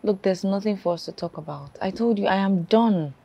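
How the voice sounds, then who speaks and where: A woman's voice: mid-range voice, fairly quick, dark tone, slightly rough. An actress playing a decisive young woman, playful with her lover, in a film. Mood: firm. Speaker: woman caught between two men. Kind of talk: film acting.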